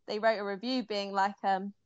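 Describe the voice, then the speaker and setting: A young woman who works as an embroidery artist chats as a guest in a casual interview, warm and giggly, laughing often and full of fillers and restarts. Her voice is medium-pitched and steady at a moderate pace, with a clean tone and no room sound, though the home mic gives it a dull, dry quality.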